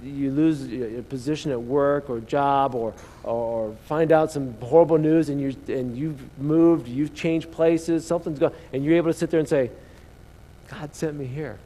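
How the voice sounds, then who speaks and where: A man's voice: medium pitch, moderate pace, hardly any pauses. Dramatic male preacher in a reverberant hall. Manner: dramatic, animated storytelling that calls out to the congregation. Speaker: pastor. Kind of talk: sermon.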